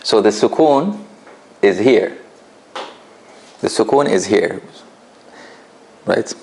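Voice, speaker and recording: A man's voice: on the low side, animated, slow, creaky, darkish tone. A man teaching a tajweed class in an office, patient and laughing often as he asks the students questions. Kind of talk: classroom lesson.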